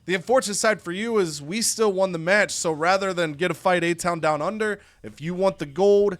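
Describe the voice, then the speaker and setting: A man's voice: a little high, lively intonation, normal speed, fairly bright tone, faint music behind. A man casually narrating a wrestling video game story with chatty asides.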